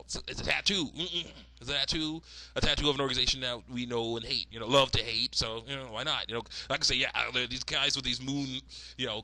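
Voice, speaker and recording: Fast-talking man rambling about a cartoon. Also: medium pitch, bright, forceful tone, dry recording, poor audio. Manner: rambling, with frequent laughs and fillers. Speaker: cartoon fan reviewer. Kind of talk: casual rambling commentary.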